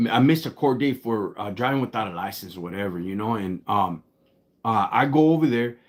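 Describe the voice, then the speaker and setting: A man from Los Angeles with a Chicano English accent, telling a story in a slangy, laid-back way on a live stream and breaking off to thank his viewers. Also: fairly low pitch. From Los Angeles, United States. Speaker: livestream host.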